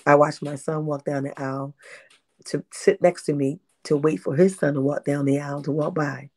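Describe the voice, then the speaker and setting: Woman, 50s; lively interview storyteller who repeats phrases and acts out dialogue. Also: low-pitched, moderate pace. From Baltimore, USA. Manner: animated, repeats herself, acts out quotes. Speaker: interview guest, independent filmmaker.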